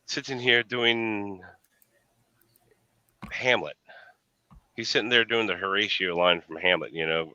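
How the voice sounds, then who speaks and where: An American man chatting casually online, telling rambling stories with animated retellings. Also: mid-range voice, normal speed, no echo, dull audio. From United States. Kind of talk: casual chat.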